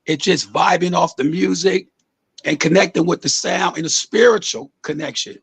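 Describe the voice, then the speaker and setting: Gravelly-voiced man rambling about music. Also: a little high, moderate pace, a bit bright. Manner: loose, rambling, swears often. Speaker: music artist guest. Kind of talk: casual interview talk.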